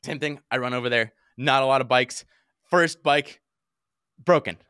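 A young man telling a story in casual podcast chat, animated and swearing a lot. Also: medium pitch, normal speed, smooth, dry recording, studio quality. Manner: animated, heavy swearing, acts out his own shouts. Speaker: podcast co-host.

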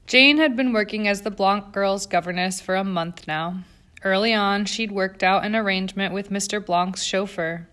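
Woman, audiobook narrator, measured storytelling delivery, mid pitch. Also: fairly bright tone. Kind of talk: scripted narration.

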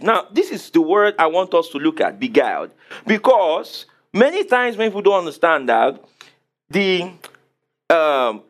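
A pastor preaches with a high, lively voice that swings widely in pitch. He keeps asking the congregation to answer him. He slows down to repeat and spell out important words. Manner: emphatic preaching with call-and-response questions. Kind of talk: sermon.

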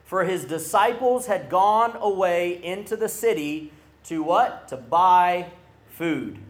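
High-voiced, slow-talking male preacher in an echoing hall. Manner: animated, calls for crowd responses. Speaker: preacher at a youth camp. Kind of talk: sermon. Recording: roomy hall echo.

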